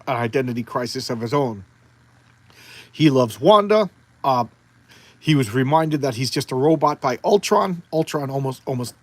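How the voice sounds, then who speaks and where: A man's voice: medium pitch, no room sound. A man reviewing old comic books in casual chat, talking eagerly and rambling with frequent restarts.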